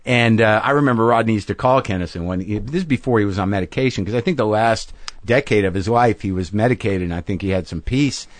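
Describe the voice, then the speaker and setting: A man's voice: on the low side, quick pace, few pauses, no room sound. A man hosting a casual conversation, musing reflectively and swearing freely.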